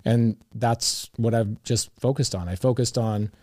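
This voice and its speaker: A man's voice: medium pitch, measured pace, dry recording, studio quality. A middle-aged man, an investor guest, telling casual stories and acting out the dialogue in them. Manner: animated, acts out quoted dialogue. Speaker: real estate investor guest. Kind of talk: casual storytelling.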